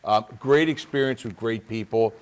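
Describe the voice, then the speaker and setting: A man's voice: on the low side, normal speed. A man from Pennsylvania, a state representative, talking casually on a talk show in an earnest way, with many restarts.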